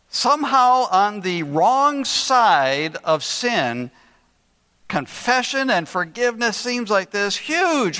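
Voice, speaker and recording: Slow, bright older man preaching. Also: high-pitched, big pitch swings, clean tone. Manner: earnest, storytelling, slow deliberate emphasis. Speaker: pastor. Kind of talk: sermon. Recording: long reverb in a large hall.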